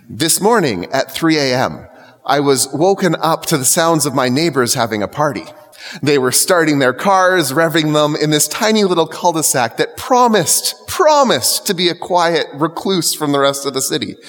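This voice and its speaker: A man's voice: fairly high pitch, fairly bright tone. A young man preaching a sermon as a priest, conversational and wry, acting out the quotes he tells. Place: church. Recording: reverberant church hall.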